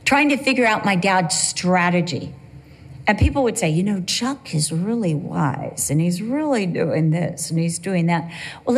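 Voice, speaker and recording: A middle-aged woman preaching a sermon in a church, conversational and storytelling, slipping into playful voices when she quotes people. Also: mid-range voice. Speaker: pastor.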